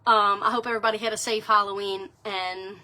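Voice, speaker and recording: A woman's voice: mid-range voice, little pitch movement, brisk, bright, forceful tone. A young woman with a Southern US accent, chatting casually on a livestream, greeting viewers and saying y'all a lot. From Louisiana. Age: young adult. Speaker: livestream host. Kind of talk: casual chat to live viewers.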